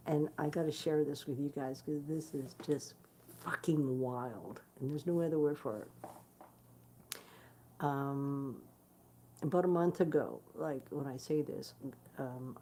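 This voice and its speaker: A woman with a low, mellow voice chats straight to her online followers in a loose, unscripted way. She is blunt and swears freely, stumbling through fillers and restarts. Faint noise hums under the recording. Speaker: guitarist hosting her own stream. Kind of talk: casual direct-to-camera chat.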